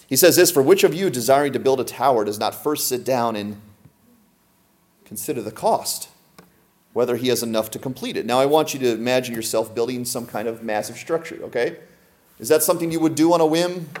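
A man preaching to a congregation in a church, his voice sitting at an ordinary middle pitch. He speaks emphatically and keeps putting questions to the people in front of him. It sounds like a pastor delivering a full sermon. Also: lively intonation, fairly quick. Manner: emphatic, asks the congregation many rhetorical questions.

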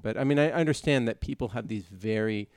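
A man in casual podcast chat, talking haltingly with frequent restarts. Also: medium pitch, a little mellow, no room sound, studio quality.

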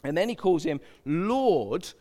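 A man's voice: fairly high pitch, very animated, a little slow, dark tone, big-room sound. A man preaching a sermon in a chatty, joking way, often checking in with the congregation. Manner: chatty, joking, asks the congregation frequent "okay?".

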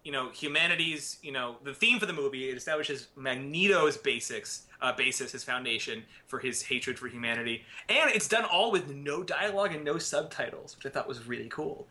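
A man's voice: mid-range voice, lively intonation, a little fast, few pauses, bright, forceful tone. A man from Chicago co-hosting a podcast, chatting casually about a movie, laughing often and stumbling over his starts. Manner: laughs often, stammers and restarts. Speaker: podcast co-host. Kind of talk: casual movie review chat.

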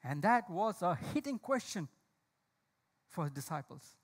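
A male preacher with a very high voice delivers a sermon. He asks the congregation questions and calls on people by name. He slows right down to press home each key line. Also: very animated. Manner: slow, emphatic delivery of key lines. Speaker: pastor.

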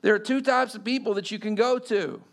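A pastor giving a sermon in a conversational way, often quizzing the congregation. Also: male voice, high-pitched, a little fast, creaky.

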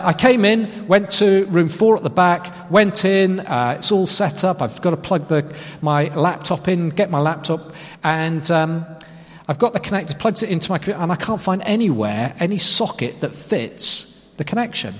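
A man's voice: high voice, moderate pace, big-room sound. A man preaching a sermon, telling a self-mocking story and stressing key phrases. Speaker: pastor.

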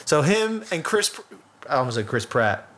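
Man, casual chat, crude storyteller, lively swooping pitch, slightly high. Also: moderate pace. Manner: animated storyteller, crude joking, breaks into shouts and laughter.

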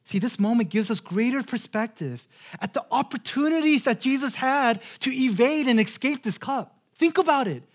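A man in his thirties preaching a sermon in an earnest way, slowing right down on key phrases and repeating words as he restarts. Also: very high-pitched, animated. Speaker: pastor.

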